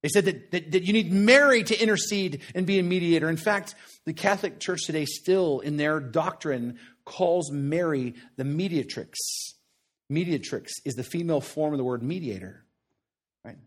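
A male preacher with a notably high voice delivers his sermon in an earnest, conversational manner. He builds emphasis through short repeated phrases and keeps checking in with his listeners. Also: normal speed.

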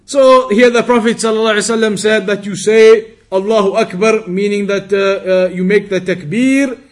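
A man teaching a religious lesson, reading Arabic text quickly and then explaining it slowly, drawing out words to demonstrate pronunciation. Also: sits high, steady tone. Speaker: Islamic teacher.

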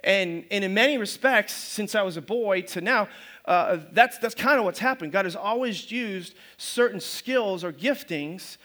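A man's voice: sits high, a little slow, bright, forceful tone. A man pastor preaching a sermon in a loose, conversational way, often restarting his phrases. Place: church service.

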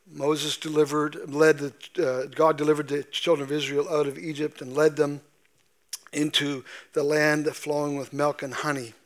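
A man's voice: on the high side, level tone, normal speed, fairly bright tone. A man pastor giving a sermon, explaining scripture conversationally with frequent fillers and restarts. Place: church sanctuary.

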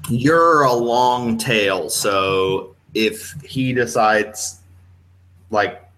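A man running a tabletop game as game master, narrating with many pauses, ums and restarts. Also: mid-range voice, fairly bright tone. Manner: hesitant, full of ums and restarts.

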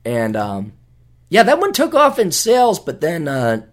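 With a fairly high voice that swoops wildly in pitch and a slightly slow pace, a podcast host from Minnesota rants on his own in a casual monologue. He's sarcastic, swears freely, and mimics people mockingly when he quotes them.

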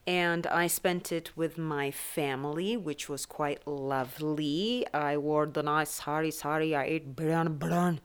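A woman with a smooth, clear voice hosts a solo podcast from a small recording booth. She talks in an animated, jokey way and swears freely. Her voice sits at a middling pitch for a woman. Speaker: podcast host. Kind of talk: casual solo podcast monologue.

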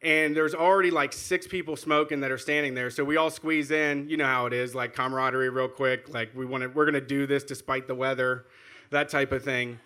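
Bright-voiced man telling a swearing anecdote. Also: mid-range voice, steady tone, a little fast. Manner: swearing anecdotal storyteller, acts out quotes. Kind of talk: casual chat.

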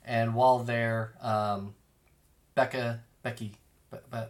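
A man's voice: medium pitch, flat delivery. A man co-hosting a podcast, chatting loosely and swearing while recapping episodes. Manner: loose, profane, quick retelling of scenes. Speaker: podcast co-host. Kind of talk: casual podcast chat.

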